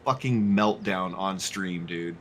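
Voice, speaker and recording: A man who hosts a game stream, telling a story in casual, animated, profane chat. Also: low-pitched, slow, a little hiss or hum. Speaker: streamer and host.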